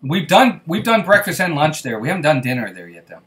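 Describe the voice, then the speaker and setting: A man hosts a casual live stream, reading comments and greeting viewers by name in a friendly, reassuring way. His voice is fairly high and a bit bright, with big pitch swings and a fairly quick delivery.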